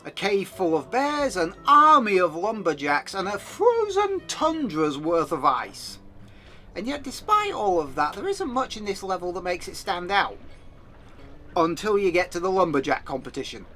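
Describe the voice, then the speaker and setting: A high, bright male voice narrating a game review, his pitch bouncing lively from phrase to phrase. He reads a script but slips in wry, chatty asides. Faint game music plays under the voice-over. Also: moderate pace.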